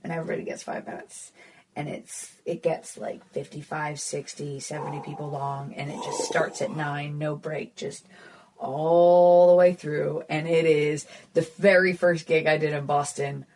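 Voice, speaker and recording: A woman's voice: deep voice, level tone, moderate pace, a little mellow, slight background noise. A woman in her thirties with an American accent, a guest comedian chatting casually on a podcast, self-deprecating and full of fillers. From United States.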